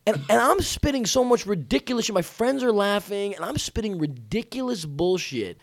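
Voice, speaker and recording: A man in his twenties telling a crude, joking story in casual chat, sometimes mimicking others in a high voice. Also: expressive, moderate pace, gravelly, dry recording. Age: 20s. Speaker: podcast storyteller.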